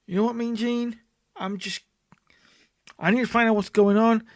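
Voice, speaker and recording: A man's voice: extremely high pitch, fairly even intonation, moderate pace, no echo, pitched above the performer's own voice. A man voicing a panicked, fretful veteran male wrestler who rambles and repeats himself. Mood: worried.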